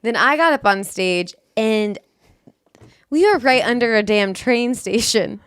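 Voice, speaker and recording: Woman comic from florida just chatting on a podcast, lots of "like", kinda high, dry mic. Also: measured pace, fairly bright tone, smooth, no echo. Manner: chatty, uses many fillers like "like". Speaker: podcast co-host and stand-up comic. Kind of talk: casual chat.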